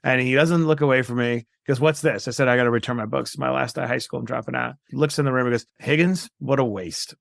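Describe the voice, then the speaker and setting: Gravelly-voiced storytelling man. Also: medium pitch, rapid-fire, few pauses, no echo, studio quality. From New York, USA. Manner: animated, acts out quoted voices. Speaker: guest. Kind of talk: storytelling interview.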